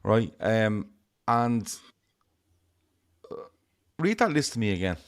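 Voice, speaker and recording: Regular panelist, man, lower voice, blunt, swears, emphatic. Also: very animated, slow pace, smooth. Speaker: fan show panelist. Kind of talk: casual chat.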